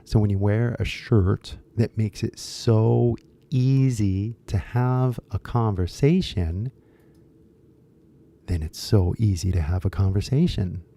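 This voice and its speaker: Chatty man with a dark, mellow voice. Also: lowish voice, takes it slowly, creaky. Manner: loose and chatty, full of "like" and restarts; switches into Japanese at times. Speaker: English teacher and shirt seller. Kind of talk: casual talk to viewers.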